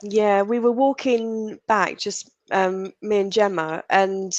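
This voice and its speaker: British female co-host, chatty anecdotal delivery, mid pitch, dry recording. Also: fairly even intonation, slow pace, a little mellow, no room sound, highs cut off. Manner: chatty storyteller, trails off mid-sentence. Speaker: paranormal investigator, co-host. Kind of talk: casual live-stream chat.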